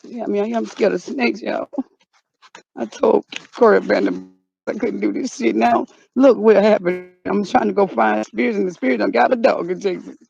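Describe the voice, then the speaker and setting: A woman vlogging outdoors in the cold, talking in a dramatic, excitable, slangy way with sudden yelps. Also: mid-range voice, normal speed, gravelly, dull audio. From North Carolina. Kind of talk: playful spoof search vlog.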